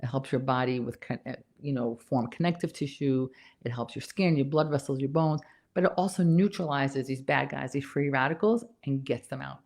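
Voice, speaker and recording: This woman's voice rumbles low, steady and a little mellow, at a normal speed. A nurse practitioner, she gives an easygoing health talk, repeating key points emphatically while slightly short of breath.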